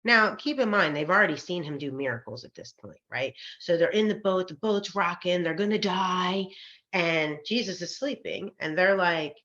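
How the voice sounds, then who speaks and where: A woman co-hosting a podcast and telling a personal faith story in a casual, animated way, acting out the voices she quotes and laughing often. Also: on the low side, normal speed. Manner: faith-centered, frequent fillers like um and like. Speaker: podcast co-host. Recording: slightly dull, lo-fi podcast recording.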